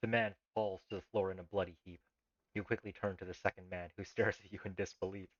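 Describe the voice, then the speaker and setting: A man's voice: low-pitched, level tone, fast talker, no echo, highs cut off. A man reading a text adventure game aloud on a live stream, breaking off between passages to comment on the story with amusement. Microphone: desk mic on a live stream.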